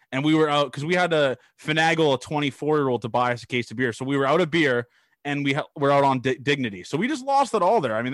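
A man's voice: a little high, no room sound. A young man from Canada hosting a casual interview, telling wild stories with energy and swearing casually. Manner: animated storyteller, swears casually. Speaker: podcast host.

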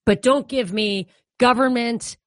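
A woman's voice: on the high side, a little slow, no room sound. Opinionated New York woman co-host. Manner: animated, opinionated, frequent fillers like "you know". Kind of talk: casual political commentary.

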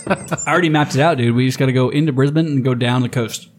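A man co-hosting a podcast, telling stories in animated, profane casual chat. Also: mid-range voice, fast, slight background noise. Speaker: podcast co-host.

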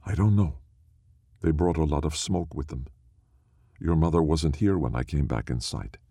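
A man's voice: rumbling low, moderate pace, gravelly, dark tone, dry recording, studio quality, exaggerated voice. A man voicing a harsh-voiced, blunt village woman in a storybook reading. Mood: grim.

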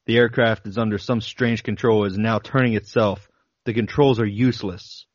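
A man's voice: on the low side, fairly even intonation, moderate pace, dry recording, dull audio. A man co-hosting a podcast, reading a flight log aloud with dramatic emphasis, chuckling between passages. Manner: dramatic reading with laughs breaking in. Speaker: podcast co-host.

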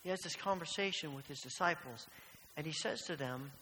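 A man's voice: on the high side, brisk, pushed and bright. A man preaching a sermon as pastor, earnest and questioning, often repeating phrases. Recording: long hall reverb, faint hiss.

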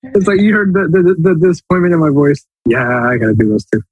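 A man's voice: on the high side, very animated, fast, husky, no echo, low-quality recording. A man co-hosting a casual soccer podcast, talking in a loose, rambling way and laughing easily. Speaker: podcast co-host.

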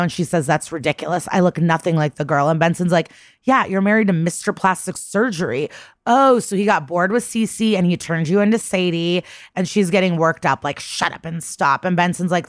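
A woman's voice: lowish voice, dry recording. Female podcast co-host, chatty and swearing, dry close-miked sound. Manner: chatty, profane, acts out quoted lines. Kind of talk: casual episode recap.

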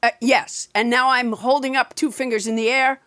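A woman's voice: on the high side, fairly even intonation, moderate pace, fairly bright tone, no echo, studio quality. A woman co-hosting a casual game chat, patiently describing her gestures step by step. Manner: narrates her own gestures in a patient, explaining way. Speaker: podcast co-host.

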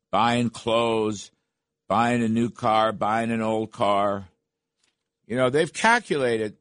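A man's voice: medium pitch, no echo, studio quality. Emphatic older male radio host. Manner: emphatic, repetitive, conversational. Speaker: radio talk show host. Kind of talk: political commentary monologue. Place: radio studio. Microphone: studio microphone.

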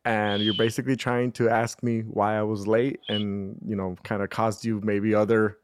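A man's voice: lowish voice, flat delivery, moderate pace, no room sound, studio quality. A young man, a podcast co-host who lays out comedy scenarios at length in casual chat. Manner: explains scenarios at length, lots of like. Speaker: podcast co-host setting up challenges.

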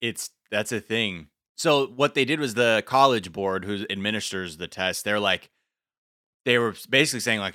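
A man's voice: on the low side, normal speed, sharp tone, dry recording, studio quality. A man in his thirties co-hosting a podcast, explaining a news trend in a rambling, conversational way. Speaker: podcast co-host. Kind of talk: casual podcast chat.

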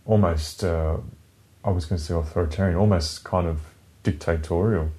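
A man with a very deep voice talks loosely with a friend on a podcast. He wanders from point to point, swears casually and laughs a lot. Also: steady tone, moderate pace, warm tone. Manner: rambling, swears freely, laughs often. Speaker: podcast co-host. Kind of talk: casual chat.

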